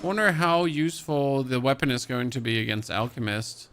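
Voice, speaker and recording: This young streamer from Germany speaks with a light German accent in a mid-range, somewhat bright voice at normal speed, with a little hiss or hum in the audio. He comments chattily on his game, reads in-game notes out loud, and has sudden jumpy outbursts.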